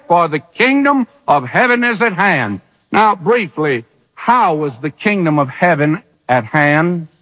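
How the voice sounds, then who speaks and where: A man delivering a sermon in a high voice that leaps up and down in pitch. He fires off rhetorical questions and lets dramatic pauses hang, and the sound carries a long hall reverb on an old radio recording. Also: fairly bright tone, lo-fi sound. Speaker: preacher.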